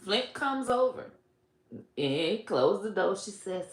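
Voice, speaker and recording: A woman's voice: mid-range voice, very animated, slow pace, echoey room. A woman comedian telling a profane, comic story and laughing between her lines.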